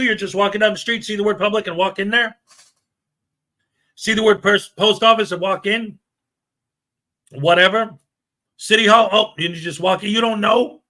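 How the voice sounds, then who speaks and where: Bright high-voiced ranting man. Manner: sarcastic, mocking, emphatic. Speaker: show host. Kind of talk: ranting commentary.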